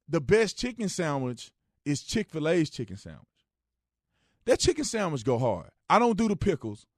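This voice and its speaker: A man hosting a radio talk show, giving casual joking opinion commentary, jumping between loud outbursts and low, quiet asides. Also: no room sound, studio quality.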